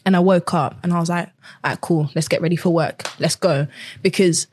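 A woman's voice: lowish voice, fairly even intonation, brisk, a little mellow, slightly rough. Earnest woman telling her story. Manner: earnest storytelling, acting out quoted dialogue. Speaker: guest. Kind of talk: personal testimony in a conversation.

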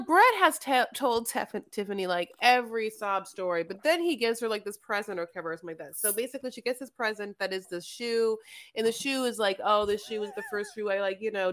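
Woman, podcast co-host, casual chat, rambling, giggly, lots of fillers, medium pitch. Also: fairly bright tone. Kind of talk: casual chat recapping a reality show.

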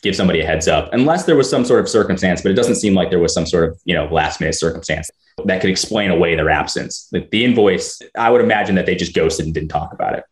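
A man's voice: sits low, fast. A man co-hosting a casual chat, giving opinions in an easygoing way and swearing casually. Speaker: co-host. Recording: roomy echo.

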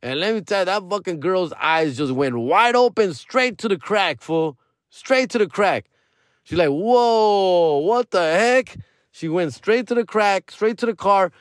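A man's voice: high voice, normal speed, no room sound, clean studio sound. A man hosting a podcast, telling a story casually and profanely, acting out the people in it. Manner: profane, animated retelling with quoted dialogue. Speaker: podcast host.

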